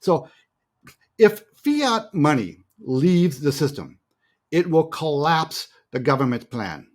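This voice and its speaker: A man co-hosting a casual podcast, speaking in a lively, emphatic way. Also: on the high side, slow. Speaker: podcast co-host.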